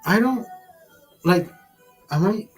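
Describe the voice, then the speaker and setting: A man's voice: sits high, animated, takes it slowly, slightly rough, soft background music, poor audio. Tipsy man ranting with profanity. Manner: rambling, profane, repeats and restarts words. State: tipsy from drinking. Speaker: livestream host. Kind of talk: casual drinking livestream rant.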